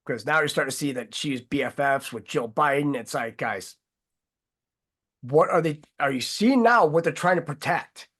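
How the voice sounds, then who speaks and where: A man's voice: on the high side, animated, moderate pace, fairly bright tone. A man hosting a casual talk show, talking in long, heated, rambling runs and swearing freely. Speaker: host.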